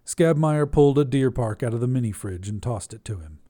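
Reading a story for his flash fiction podcast, the male host narrates evenly and in a measured way, his voice in the mid range.

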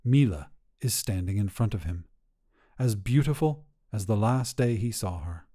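A man narrating a short fiction podcast in a steady, scripted storytelling manner. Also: medium pitch.

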